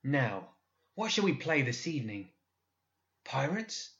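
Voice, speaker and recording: A man's voice: mid-range voice, big pitch swings, slow, fairly bright tone, reverberant, lo-fi sound. A man voicing a gleeful, eager boy dreamer in an audiobook story. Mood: playful.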